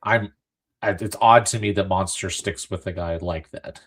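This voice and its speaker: A man's voice: low-pitched, moderate pace, fairly bright tone. A man co-hosting a casual podcast chat, laid-back, tossing in dry, wry remarks. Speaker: podcast co-host.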